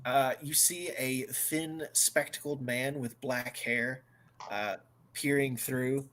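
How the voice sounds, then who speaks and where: A man narrating a tabletop game as game master, slow and halting with many fillers. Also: mid-range voice, steady tone, a bit bright.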